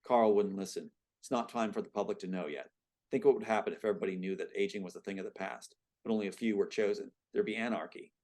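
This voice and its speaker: A man's voice: fairly low pitch, quick pace, a little mellow, lightly acted. A man reading as a cold, menacing agent. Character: cold scheming male government agent.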